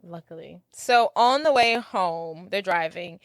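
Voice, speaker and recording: A woman co-hosting a podcast who narrates a movie's plot at a steady pace and chimes in with short agreements. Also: lowish voice, a little slow, dry recording. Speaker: podcast co-host. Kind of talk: casual movie recap chat.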